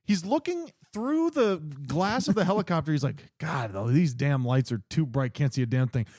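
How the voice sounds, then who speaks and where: A man co-hosting a casual book podcast, retelling the plot with lively voices for the characters. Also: moderate pace, no echo, clean studio sound. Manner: animated retelling, acting out characters with pitch swings. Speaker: podcast co-host. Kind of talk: casual book club chat.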